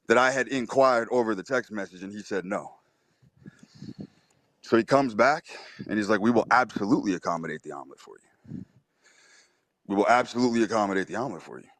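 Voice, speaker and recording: A man's voice: medium pitch, no room sound. A man speaks with brash, emphatic swagger and swears freely. He tells his story in a cocky, punchy way. The sound is close and dry, with no room around it. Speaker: host. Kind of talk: storytelling on a live audio chat.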